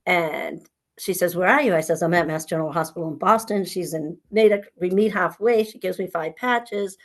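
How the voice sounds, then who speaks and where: A middle-aged woman tells her own story as an interview guest. Her voice sits a little low, and she acts out old conversations with lively energy. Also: moderate pace. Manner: animated storytelling, acting out conversations.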